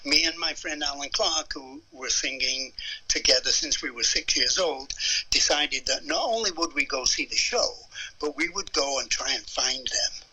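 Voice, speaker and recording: Bright-voiced older man. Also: on the high side, normal speed, husky, low-quality recording. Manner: animated storyteller who acts out voices and hums melodies. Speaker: musician guest. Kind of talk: anecdotal storytelling interview.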